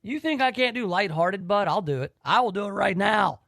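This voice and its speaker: Radio host, man, high-pitched, dry studio sound, rambling and eager. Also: expressive, brisk, a bit bright, no room sound. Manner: enthusiastic, rambling. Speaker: radio talk show host. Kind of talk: casual radio talk.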